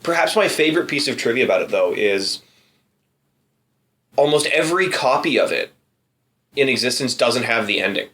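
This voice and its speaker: A man's voice: medium pitch, expressive, normal speed, long pauses, fairly bright tone. A man co-hosting a casual podcast chat in a dry, wry way, drawing out words for emphasis. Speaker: podcast co-host and reader.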